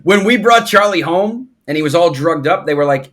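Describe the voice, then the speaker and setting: A man's voice: on the high side, animated, brisk, hardly any pauses, fairly bright tone, a little hiss or hum. A man co-hosting a comedy podcast, rambling and self-deprecating in casual chat. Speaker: podcast co-host.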